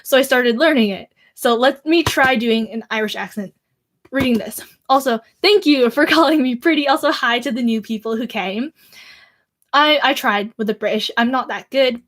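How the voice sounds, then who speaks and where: A woman's voice: a little high, normal speed, a bit bright. A teenage girl chatting casually on a livestream, rambling and full of fillers. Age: teens. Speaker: livestream host.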